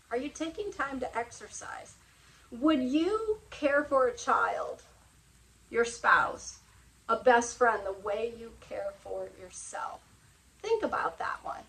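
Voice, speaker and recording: Woman, middle-aged, motivational host, earnest, confiding, somewhat high voice. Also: fairly bright tone, low-quality recording. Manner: earnest, confiding, shares personal stories. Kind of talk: motivational talk to camera.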